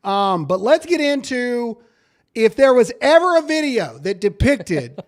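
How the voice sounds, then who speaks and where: A man hosting a casual political commentary show, animated and quick to laugh, often repeating words as he gets going. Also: very high-pitched. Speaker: podcast host.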